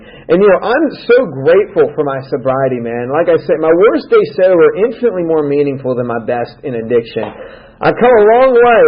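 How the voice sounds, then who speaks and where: Husky-voiced man telling a wry story. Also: fairly high pitch. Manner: wry storyteller who acts out his own dialogue. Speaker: speaker at a recovery meeting. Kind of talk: humorous personal recovery story. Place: club meeting room. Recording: dull lo-fi meeting recording.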